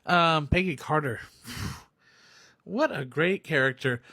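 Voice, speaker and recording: Young guy rambling about movies, kinda high voice, laughs a lot, super dry recording. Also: takes it slowly, dry recording. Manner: excitable, rambling, laughs often. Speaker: movie reviewer. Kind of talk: casual rambling rant. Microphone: recorded on phone or camera, self-filmed.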